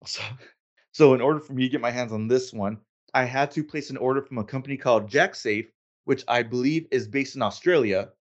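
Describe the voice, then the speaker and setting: Male host, relaxed casual chat, middle pitch, slightly dull lo-fi recording. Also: brisk. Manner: relaxed, self-deprecating, laughs easily. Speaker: podcast host.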